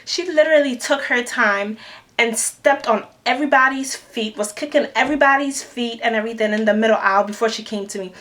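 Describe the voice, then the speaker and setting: A young woman in a storytime vlog, animated and acting out the people she quotes. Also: on the high side, brisk. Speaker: vlogger. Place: New York City.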